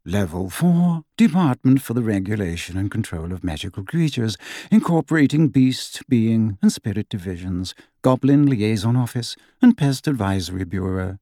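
A man's voice: fairly low pitch, expressive, normal speed, mellow, dry recording, clean studio sound. A man reading an audiobook, voicing the formal, disembodied female announcer of a magical lift.

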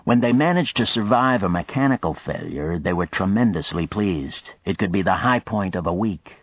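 A man with a very low voice reads a novel in a measured, steady narration. The recording is dry and close, with a slightly dull, muffled top end. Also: slightly rough, dry recording. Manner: measured, even storytelling. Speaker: audiobook narrator. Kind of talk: scripted narration.

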